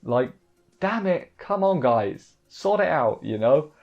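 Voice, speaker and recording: A man giving a casual, excitable episode recap review, often breaking off mid-sentence to restart. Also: on the high side, takes it slowly, gravelly, highs cut off, soft background music. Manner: excitable, exasperated, self-interrupting. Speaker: anime reviewer.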